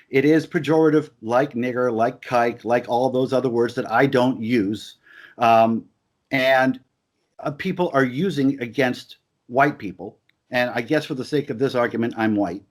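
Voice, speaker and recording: A man's voice: medium pitch, moderate pace. Emphatic man, stammering restarts. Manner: emphatic, repeats his points with stammered restarts. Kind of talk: heated conversational discussion.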